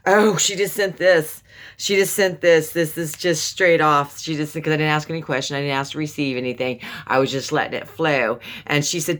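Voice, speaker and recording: A woman's voice: low voice, steady tone, normal speed, fairly bright tone. A woman giving a casual, affectionate tarot reading, calling the listener baby and often repeating herself. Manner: rambling, repeats words and restarts. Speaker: tarot reader.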